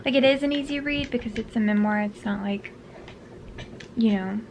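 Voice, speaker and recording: Her voice a little high and darkish, at normal speed, a book vlogger talks casually to camera while tired and yawning. She rambles, leaning on fillers and now and then whispering an aside. There's slight background noise.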